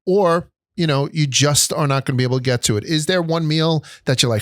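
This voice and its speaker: A man's voice: on the high side, brisk, no room sound, clean studio sound. A man hosting a casual food chat, enthusiastic and joking, swearing freely. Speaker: host.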